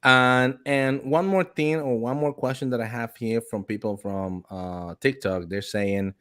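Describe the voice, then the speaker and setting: Host: male, mid-pitched voice, easygoing, puts viewer questions to the guest. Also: unhurried, a bit bright. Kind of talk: casual interview questions.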